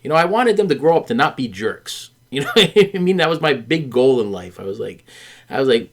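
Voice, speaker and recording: A man's voice: mid-range voice, big pitch swings, a little fast. An earnest middle-aged man talks candidly with his wife on a podcast. His storytelling rambles, stumbles over repeated words and leans on fillers. He acts out the people he quotes. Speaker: podcast host.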